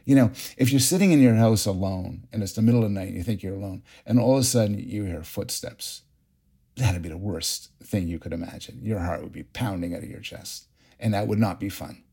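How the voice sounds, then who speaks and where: A middle-aged man, a psychologist guest, explaining ideas in an animated, storytelling way with frequent restarts. His voice sits low, with a mellow, husky tone. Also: a little fast. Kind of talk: interview.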